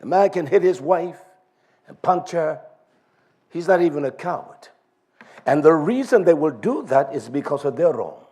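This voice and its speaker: Man, preacher, emphatic, repetitive, animated pitch, higher voice. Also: normal speed, slightly rough. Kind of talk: sermon.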